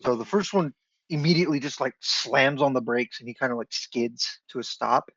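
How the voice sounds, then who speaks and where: A man running an online tabletop game as dungeon master, giving measured rulings and thinking aloud. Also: medium pitch, fairly bright tone, husky, no room sound. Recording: dry lo-fi online call audio.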